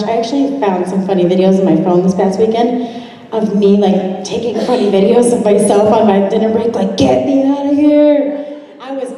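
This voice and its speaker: A woman's voice: medium pitch, mellow. A woman in her twenties giving a chatty testimony to a crowd, often acting out what others said. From Toledo, Ohio area. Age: 20s. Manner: chatty, quick asides, acts out quoted voices. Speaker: guest speaker telling her story. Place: large event room. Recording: echoey hall heard from far off.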